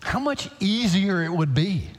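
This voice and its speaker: A man preaching a sermon as pastor, swinging from loud, high pleading to hushed near-whispers. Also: very animated, unhurried. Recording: long hall reverb.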